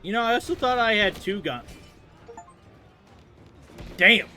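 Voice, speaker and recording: A young man commentating on his gameplay casually, excitable and swearing, with sudden outbursts. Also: sits high, unhurried. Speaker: gaming streamer. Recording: voice over game music.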